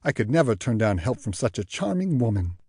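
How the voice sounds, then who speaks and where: Guy putting on a crotchety old new york sax player, loud and grumbly, pitch bouncing all over. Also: sing-song, dry recording, clean studio sound. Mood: grumbling. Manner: loud, grumbling, quick retorts.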